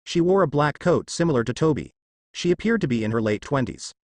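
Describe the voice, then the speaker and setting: Lively male storyteller reading fan fiction. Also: fairly high pitch, brisk, dry recording. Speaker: narrator.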